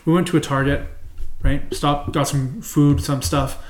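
A man's voice: on the high side, steady tone, a little slow. A man from Canada with a Canadian accent, a podcast co-host telling a rambling, profane story in casual chat. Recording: roomy echo.

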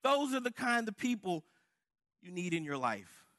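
A man's voice: high-pitched, very animated, moderate pace, a bit bright. A man preaching a sermon with fervent, building emphasis. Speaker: pastor.

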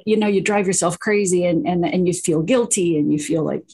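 A middle-aged woman speaks as a guest, her voice sitting a little low for a woman. She tells stories with animation, peppering them with "you know" and quick restarts. Her tone is casual and conversational. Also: warm tone, husky. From United States. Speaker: guest, children's book author and parent. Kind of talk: casual interview chat.

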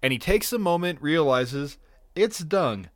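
A man's voice: on the high side, expressive, measured pace, no room sound. Give me a casual, rambling man co-hosting a podcast, dry and close. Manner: laughing, profane, rambling. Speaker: podcast co-host. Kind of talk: casual chat.

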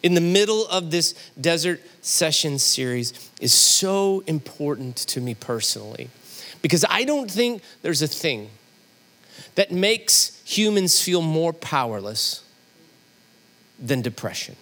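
A middle-aged man preaches with a high-pitched voice. He tells a personal story, playing both sides of the conversation, and then moves into his message. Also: slow. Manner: animated storyteller, acting out both sides of a dialogue. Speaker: pastor.

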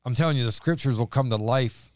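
A man's voice: medium pitch, fast talker, darkish tone, no echo, studio quality. A man co-hosting a casual Bible discussion podcast, talking in an emphatic, exhorting way. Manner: emphatic, exhorting, dramatic when reading scripture. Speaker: podcast co-host.

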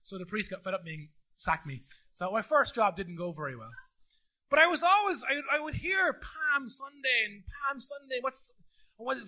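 An Irish man preaching in a church, a pastor who tells funny stories and acts out every line of dialogue. His voice sits very high and sounds bright and forceful. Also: normal speed. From Ireland. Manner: animated, jokey storyteller who acts out dialogue. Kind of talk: sermon storytelling. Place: church auditorium.

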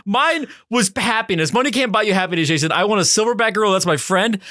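A man's voice: sits high, quick pace, bright, forceful tone, dry recording, clean studio sound. A man co-hosting a podcast, rambling through crude, joking banter in casual chat. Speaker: podcast co-host.

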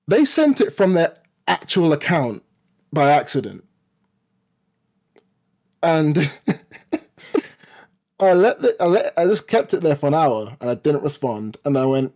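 A man in his twenties co-hosting a podcast, talking casually in a halting way with frequent stammered restarts. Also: a little high, big pitch swings, darkish tone. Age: 20s. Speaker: podcast co-host. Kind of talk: casual personal chat.

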